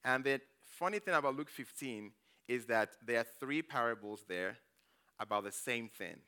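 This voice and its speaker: A man gives a conversational sermon as a church elder. His voice is bright and smooth. He tells personal stories, acts out his own reactions, and keeps checking in with the congregation. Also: mid-range voice, expressive, normal speed. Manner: storytelling, frequent "okay?" checks with the congregation.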